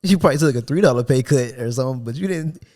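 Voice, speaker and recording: Man, podcast co-host, casual chat, animated storytelling, mid pitch, slangy quoting. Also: rapid-fire. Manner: animated storytelling, acts out quotes with a raised voice.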